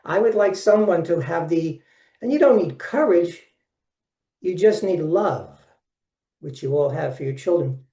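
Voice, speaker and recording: A man in his seventies with a Brooklyn accent leads a webinar in a cheerful, chatty way, speaking right to his audience. His voice sits a little high, with a soft, mellow tone. He sounds set back from the microphone, in a room that echoes. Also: animated, unhurried, long pauses. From Brooklyn, New York. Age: 70s. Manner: folksy, upbeat, addresses listeners directly. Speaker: workshop presenter. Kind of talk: webinar presentation. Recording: distant mic in an echoey room.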